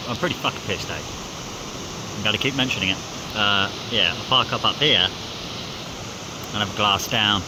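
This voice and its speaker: Out on a mountainside, a New Zealand man who makes hunting vlogs talks casually into his phone while climbing, breathless and dehydrated. He rambles, sounds frustrated, and curses constantly, his fairly low voice set against a noisy background.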